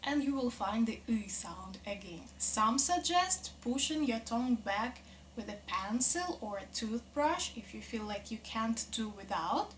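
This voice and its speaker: Slow, patient woman teaching pronunciation. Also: a little high, expressive, a little hiss or hum. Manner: patient, drills sounds slowly and repeats them. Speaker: language teacher. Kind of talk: pronunciation lesson.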